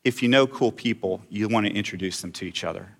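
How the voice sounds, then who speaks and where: Talking at a quick pace with a lowish voice and noticeable vocal fry, this middle-aged pastor keeps his sermon conversational. He regularly asks the congregation questions.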